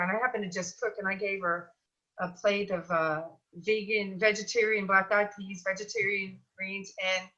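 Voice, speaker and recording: A middle-aged woman chatting as an interview guest, talking in an animated, storytelling way with plenty of fillers. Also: medium pitch, highs cut off. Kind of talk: casual interview chat.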